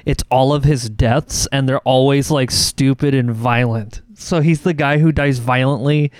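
A podcast co-host rambles through his stories in a casual, animated way, breaking out into yelped sound effects. His voice is smooth and crisp, recorded dry and close, and it sits at a middle pitch. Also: measured pace, no echo. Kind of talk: casual chat.

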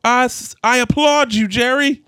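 A young man, co-hosting a casual entertainment chat show, animated and joking with quick asides. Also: very high-pitched, clean tone, dry recording, studio quality. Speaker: podcast co-host.

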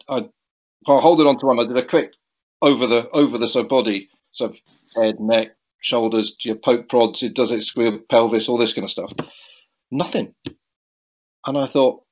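Halting man telling a story. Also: medium pitch. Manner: halting, with frequent restarts and chuckles. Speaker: guest recounting a cycling accident. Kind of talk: conversational storytelling. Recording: dull lo-fi recording.

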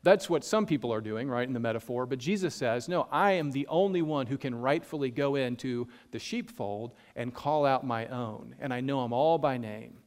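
A man preaching a sermon, reading scripture slowly and explaining it in a casual, conversational way with frequent fillers. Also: mid-range voice, a little mellow. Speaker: pastor.

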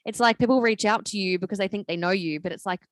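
This is a young woman in casual podcast chat, telling stories with gushing, animated energy. Her words tumble out at a brisk clip. The sound is dry and close, with no room around it. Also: medium pitch, no room sound. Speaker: podcast co-host.

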